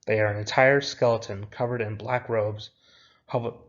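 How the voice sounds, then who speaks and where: A young man reading out his own script with its stage directions, in a plain, even way. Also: lowish voice, moderate pace, highs cut off.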